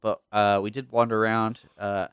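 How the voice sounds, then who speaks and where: A man's voice: lowish voice, little pitch movement, normal speed, a bit bright, clear, resonant tone, no echo, studio quality. Teasing man telling a travel story. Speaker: podcast co-host. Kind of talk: casual chat.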